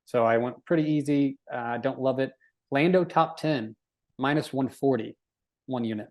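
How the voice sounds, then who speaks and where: Man, podcast co-host, casual banter, jokey, swears a lot, mid-pitched voice. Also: moderate pace, darkish tone. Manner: joking, swears casually, laughs often.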